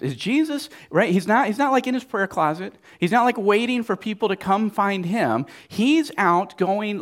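A man preaching a sermon in a casual, conversational way, often checking in with the listeners by asking "right?". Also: high voice. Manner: lively, animated delivery. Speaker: pastor.

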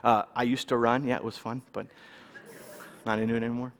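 Male pastor, mid-pitched voice, relaxed storytelling sermon, lots of "right?" asides, big echoing sanctuary. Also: fairly quick. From California, US. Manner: casual, animated storyteller, checks in with the audience. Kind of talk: sermon with personal stories.

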